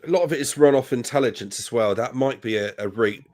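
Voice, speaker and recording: A man in a casual chat, adding calm, brief agreeing comments. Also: medium pitch, fast, a loud crowd.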